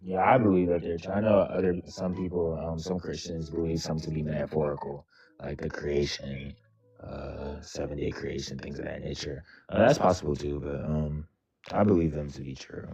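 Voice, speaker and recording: A man's voice: very deep voice, fairly even intonation, normal speed, gravelly, a little mellow, slightly rough. A nineteen-year-old man calling in, answering hesitantly with many fillers. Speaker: caller. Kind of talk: casual call-in chat. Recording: dull lo-fi line with faint music.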